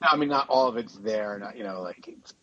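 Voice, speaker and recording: A fairly low-pitched man with a fairly bright tone co-hosts a podcast, chatting briskly and casually. He trips over his words, restarts, and laughs often, and the dry recording sounds dull and lo-fi.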